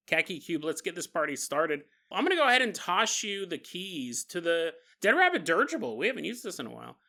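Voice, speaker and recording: Podcast host, male, bright tone, crude jokey storyteller who laughs a lot. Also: sits high. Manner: crude humor. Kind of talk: comedic storytelling monologue.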